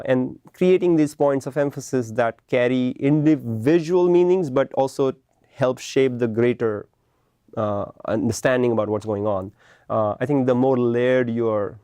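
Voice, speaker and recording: Patiently explaining film composition to a class, a man regularly checks understanding with "right?". His voice is mid-range and mellow, and the recording is dry.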